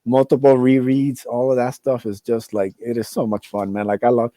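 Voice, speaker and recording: Mellow-voiced, rambling, excited man. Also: medium pitch, normal speed, dry recording. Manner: enthusiastic, rambling, lots of fillers. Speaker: podcast guest, comic creator. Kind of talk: casual chat.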